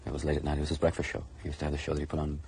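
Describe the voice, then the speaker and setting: A man in a documentary interview, telling stories rapidly and with animation. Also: a bass voice, slight background noise. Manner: rapid, animated storytelling that bursts into shouted quotes. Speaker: interviewee recalling a friend.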